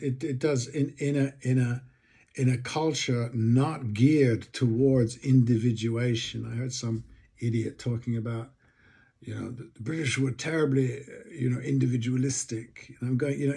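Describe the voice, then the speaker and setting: A man speaks in a husky, breathy voice at an ordinary middle pitch. He muses his way through a long reflective monologue, thinking aloud and often restarting his sentences. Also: normal speed, warm tone.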